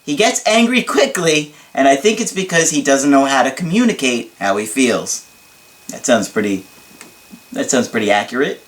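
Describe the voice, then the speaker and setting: Guy coach reading a fan letter out loud, kinda high voice, cracks dumb jokes then gets serious. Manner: joking and self-mocking, laughing at his own asides; earnest and explanatory when giving advice. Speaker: relationship coach. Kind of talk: casual video talk reading and answering a viewer's letter.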